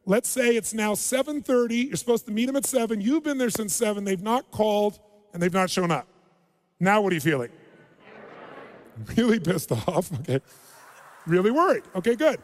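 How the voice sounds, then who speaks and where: A man giving a live relationship seminar, animatedly quizzing the audience and acting out quotes in a large hall. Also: high voice. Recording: long hall reverb.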